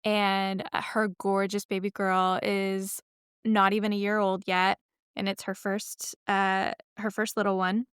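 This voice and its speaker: A woman in her thirties hosts a podcast in a chatty, rambling way, often stopping to correct herself. Her mid-pitched voice is smooth and clear. The close recording is dry, with no room echo. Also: level tone, measured pace, fairly bright tone. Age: 30s. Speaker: podcast host. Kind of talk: casual podcast intro.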